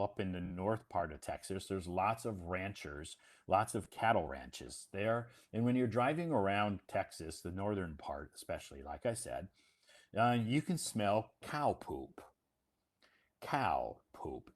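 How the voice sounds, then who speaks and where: A man from Iowa, casually talking to English learners in a spoken lesson, repeating phrases and checking understanding with "okay?". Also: on the low side. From United States, Iowa.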